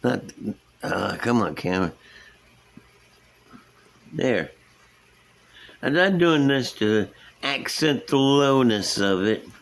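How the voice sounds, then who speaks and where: Here the channel host speaks at medium pitch, animated yet slow, with vocal fry and frequent pauses. The middle-aged scale model builder casually walks through his builds at an indoor workbench. He rambles in a folksy manner and chuckles at his own remarks.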